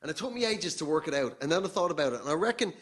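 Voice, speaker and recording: An Irish man performing live stand-up comedy with excitable, ranting delivery. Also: on the high side, racing. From Ireland. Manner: excitable, animated rants. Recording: noisy live venue recording.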